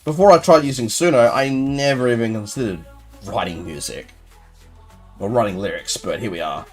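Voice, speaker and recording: A young gaming streamer chats casually with viewers while playing a game live, rambling and playful as he answers chat. His voice is medium-pitched at a normal speed, with faint music in the background.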